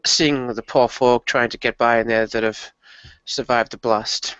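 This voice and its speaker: A man playing a tabletop role-play game, describing his character with a quick delivery. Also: medium pitch, fairly even intonation, clean tone, no room sound. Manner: quick, bright delivery, laughs easily. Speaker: player. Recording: dry, slightly muffled close mic.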